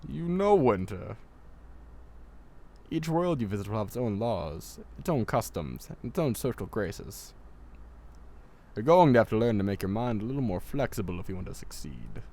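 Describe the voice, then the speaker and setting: A man voicing a stern, composed male mentor in a game let's-play, speaking in a calm, measured, commanding way. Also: lowish voice. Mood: instructing. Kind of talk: amateur let's-play voice acting.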